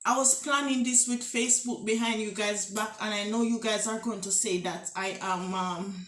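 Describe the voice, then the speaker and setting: A woman's voice: medium pitch, steady tone, moderate pace, a bit bright. A woman, a mother and family vlogger, playing a prank on her kids for the camera with theatrical, mock-desperate pleading. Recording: echoey room.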